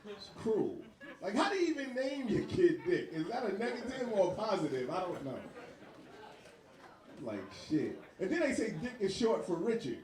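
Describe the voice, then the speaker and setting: A man doing an animated, profane stand-up set on a bar stage, laughing through his lines. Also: high-pitched, moderate pace. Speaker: stand-up comedian. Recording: echoey bar with crowd laughter.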